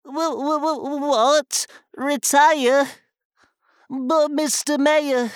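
A woman's voice: fairly high pitch, unhurried, very noisy, lightly acted. A woman voicing a flustered older male headmaster in a full-cast audiobook, stammering and pleading. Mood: panicked. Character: panicking elderly male headmaster.

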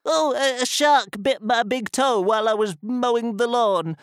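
A woman's voice: fairly high pitch, measured pace, clear, resonant tone, no room sound, clean studio sound, close to an everyday voice. A woman voicing a flustered older male headmaster in a full-cast audiobook, stammering and pleading. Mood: panicked. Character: panicking elderly male headmaster.

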